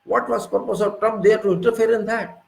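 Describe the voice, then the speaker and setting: A man's voice: sits high, fairly even intonation, brisk, vocal fry, darkish tone, roomy sound, low-quality recording. A man with an Indian English accent giving an indignant political monologue, lecturing with repeated rhetorical questions. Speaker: political commentator.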